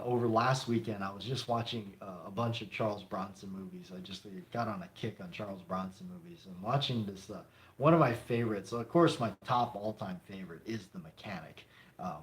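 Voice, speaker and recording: A man's voice: on the low side, moderate pace. A man hosting a casual live stream, answering viewer comments in a rambling way with many fillers and frequent chuckles. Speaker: live-stream host of a gun channel.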